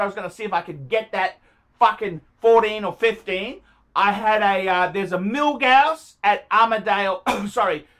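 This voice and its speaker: A man ranting angrily to camera on his watch vlog, swearing and shouting insults. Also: high voice. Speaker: watch vlogger. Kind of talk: angry rant to camera.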